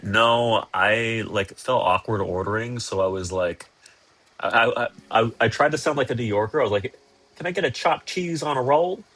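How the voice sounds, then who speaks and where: Husky young man rambling on stream. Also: on the low side, a bit bright. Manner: rambling, self-deprecating, sarcastic, swears a lot. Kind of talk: casual livestream chat reading viewer messages. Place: hotel room.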